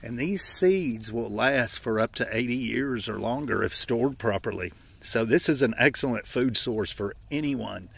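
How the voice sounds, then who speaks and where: Gravelly man, out of breath. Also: medium pitch, expressive, a little slow, hardly any pauses, fairly bright tone. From Appalachia, United States. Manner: folksy, rambling, corrects himself. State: out of breath, stuffy nose. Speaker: forager showing wild edibles. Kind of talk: casual walking vlog. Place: outdoors in a yard.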